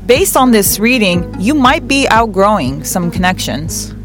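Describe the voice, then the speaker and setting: A woman hosting a tarot reading show, giving earnest, gentle spiritual advice and repeating words for emphasis. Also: medium pitch, very animated, unhurried, music in the background. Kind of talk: reflective spiritual advice talk.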